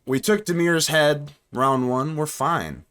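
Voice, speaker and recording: A man hosting his channel, giving live gameplay commentary in a chatty, excitable way, thinking aloud as he plays. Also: on the high side, slow, clean tone. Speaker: card game streamer and channel host.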